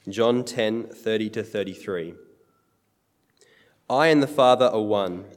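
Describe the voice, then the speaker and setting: A man preaches a sermon with an earnest, emphatic delivery, often quoting scripture. His voice sits fairly low. It rings with a long reverb, as if recorded in a large hall. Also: takes it slowly.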